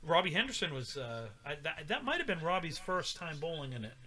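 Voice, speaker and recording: Middle-aged guy on a podcast, kinda high bright voice, lots of ums while reading off numbers. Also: very animated, a little fast. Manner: rambling, reads off stats with many fillers. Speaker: podcast co-host. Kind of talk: casual chat.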